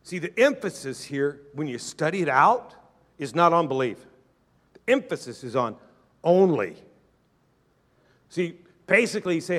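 A man preaches a fervent sermon in a high, bright voice. He calls on his listeners to say lines back to him. He plays their doubts in a lower tone before answering them. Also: big pitch swings, moderate pace, long pauses. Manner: acts out doubters' objections in a lower, quieter voice. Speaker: pastor.

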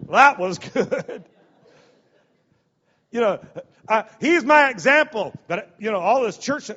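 A man's voice: high voice, expressive, slow, long pauses, sharp tone, husky. A male pastor preaching a sermon in a conversational, repetitive way, often restarting his sentences. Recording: dull sound with long hall reverb.

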